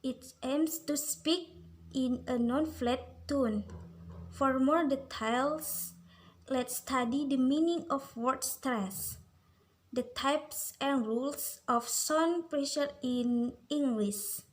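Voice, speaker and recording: Reading slowly from a script, a young adult woman gives a student presentation about phonology in an Indonesian accent. Her voice is high, and the audio quality is low.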